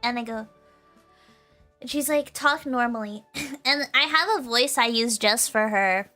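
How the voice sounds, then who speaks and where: A woman's voice: fairly high pitch, measured pace, faint music behind. A young adult woman streaming a casual chat, reading viewer comments and often breaking into giggles. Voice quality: giggly, bubbly. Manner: animated, playful, often breaking into laughter.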